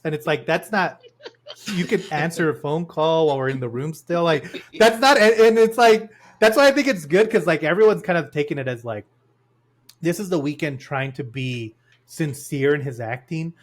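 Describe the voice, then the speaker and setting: Animated man recapping a movie. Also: a little high, normal speed. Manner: animated retelling with acted-out quotes. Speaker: podcast host. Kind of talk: casual film review chat.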